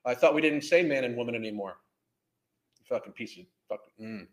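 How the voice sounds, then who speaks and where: A man's voice: medium pitch, fairly quick, echoey room. A man delivering an angry, profane reaction rant as a commentary host, hurling insults as he talks.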